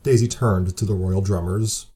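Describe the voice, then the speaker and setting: A man's voice: low-pitched, steady tone, moderate pace, dark tone. A man hosting a story show and narrating a fan story, with dry, self-mocking humor. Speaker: host and narrator.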